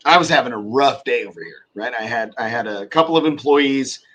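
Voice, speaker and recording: Profane, animated man telling stories. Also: medium pitch, brisk, highs cut off. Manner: profane, animated storyteller acting out quotes. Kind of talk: casual storytelling chat.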